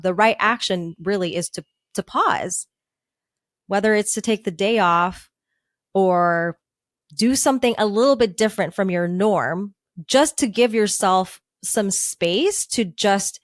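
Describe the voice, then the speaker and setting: A woman's voice: medium pitch, dry recording, studio quality. Earnest woman coach telling her story. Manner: earnest, reflective storytelling with frequent "like". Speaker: career transition coach. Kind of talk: casual podcast interview.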